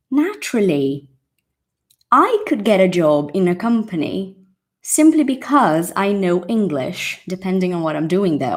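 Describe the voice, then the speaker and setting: A woman's voice: mid-range voice, darkish tone. A woman teaching an English lesson to her viewers in a casual, emphatic way, repeating key points and addressing them directly.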